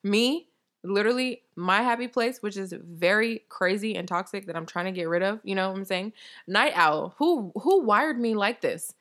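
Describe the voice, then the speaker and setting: A woman's voice: mid-range voice, normal speed, a bit bright. Woman, podcast co-host, casual chat, chatty, laughs often.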